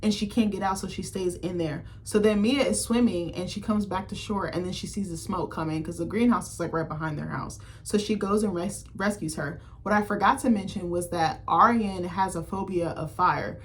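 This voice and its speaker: A female film critic vlogger gives a casual, profane recap, chatty and loaded with fillers like "like" and "um." Her voice is lowish at a moderate pace with barely any pauses, and there's a slight hiss or hum in the audio.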